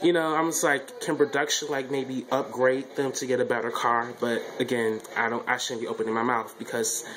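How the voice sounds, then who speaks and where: A man's voice: mid-range voice, fairly quick, hardly any pauses, a little hiss or hum, poor audio. A man giving a casual, blunt vlog review of a reality show, repeating himself a lot as he talks. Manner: repetitive, animated, blunt opinions.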